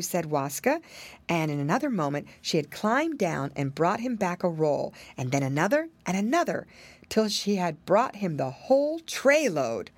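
A woman reading a fairy tale aloud in an expressive, measured storybook style. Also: lowish voice, no room sound. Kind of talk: storybook narration.

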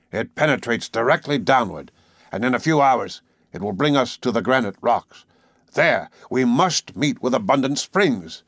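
A stubborn, commanding old professor, read by a man in an audiobook, pressing his case with firm, resolute declarations. The voice sits at a middling pitch, and the recording is close and dry with no room sound. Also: dry recording, close to an everyday voice. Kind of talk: audiobook character reading.

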